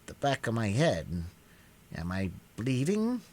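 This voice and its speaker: A man's voice: mid-range voice, wildly swooping pitch, takes it slowly, exaggerated voice. A man reading aloud, voicing a desperate, hurt grown man who pleads and frets. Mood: dazed.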